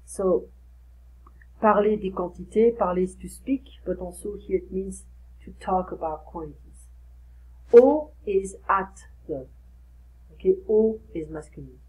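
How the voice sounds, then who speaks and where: A woman teaching a recorded lesson, explaining slowly and repeating phrases for practice. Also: medium pitch, a little mellow, poor audio. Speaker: French tutor. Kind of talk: recorded lesson for one student.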